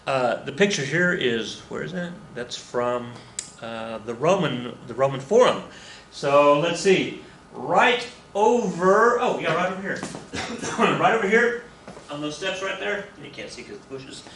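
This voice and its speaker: A man's voice: fairly high pitch, animated, a little slow, fairly bright tone. A man teaching an anthropology lesson over slides, rambling and self-deprecating, with lots of fillers and asides. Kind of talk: recorded lecture over slides. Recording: echoey room with faint ambient noise.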